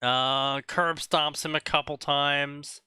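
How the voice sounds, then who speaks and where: A man co-hosting a stream, reading fan fiction aloud and mocking it in animated, casual talk, laughing often. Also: fairly high pitch, takes it slowly. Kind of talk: casual comedic commentary.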